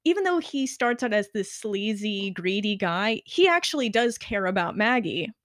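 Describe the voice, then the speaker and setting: A woman's voice: mid-range voice, very animated, moderate pace, a bit bright, no echo, clean studio sound. A woman co-hosting a casual chat, enthusiastically recapping a TV show and acting out characters' lines. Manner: enthusiastic, acts out quoted lines. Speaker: podcast co-host.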